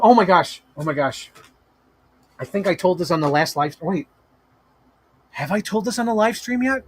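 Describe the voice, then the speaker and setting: An excitable man who collects toys tells stories on a live stream from a home room lined with toy shelves. His voice is high-pitched and his pace moderate, with frequent pauses, and he's animated, profane and laughing as he goes.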